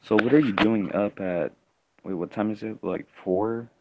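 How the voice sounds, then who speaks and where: A man's voice: lowish voice, background noise. A man calling into a casual online hangout late at night, keeping his voice down. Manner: keeps his voice down, talks slowly. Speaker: hangout caller. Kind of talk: casual chat. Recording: dull, dry lo-fi call audio.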